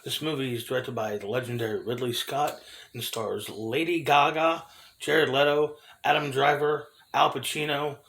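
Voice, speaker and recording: A man's voice: medium pitch, fairly even intonation, normal speed, a bit bright. A man in his thirties giving a casual, profane film review, talking loosely with fillers, restarts and frequent laughs.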